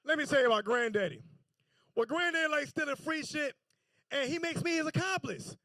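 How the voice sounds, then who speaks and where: A man's voice: very high-pitched, brisk, bright, forceful tone, dry recording. A man doing a stand-up set on a comedy club stage, telling stories loosely with stammering restarts.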